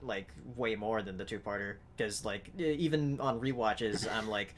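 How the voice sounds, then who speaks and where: A man hosting a podcast in casual chat, halting and full of fillers. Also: fairly low pitch, fairly even intonation. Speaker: podcast host.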